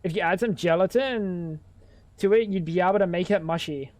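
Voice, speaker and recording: A man's voice: high voice, moderate pace, darkish tone, no room sound. Profane, rambling male game streamer. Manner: rambling, profane, thinking aloud. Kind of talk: casual livestream chat while gaming.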